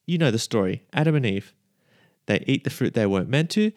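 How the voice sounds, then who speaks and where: A man's voice: medium pitch, lively intonation, fairly quick, a little mellow, no room sound, studio quality. A man hosting a casual devotional podcast, chatty and repeating his key lines as he checks in with listeners. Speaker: podcast host.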